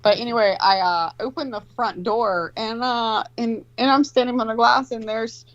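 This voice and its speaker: A woman's voice: on the high side, fairly even intonation, normal speed, a bit bright, dry recording, muffled recording. Profane rambling storyteller woman. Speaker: co-host telling a story. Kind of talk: casual chat.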